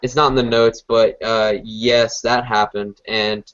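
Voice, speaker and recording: A man hosting a podcast, reviewing a show in relaxed, casual chat full of fillers. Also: on the low side, a little slow. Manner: relaxed, chatty, many fillers. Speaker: podcast host. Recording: dull lo-fi recording.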